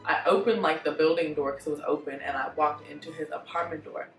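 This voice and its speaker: A woman vlogger telling a storytime in a blunt, profane, animated way. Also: deep voice, brisk, reverberant, far from the mic, faint music behind, rough recording. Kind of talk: storytime vlog.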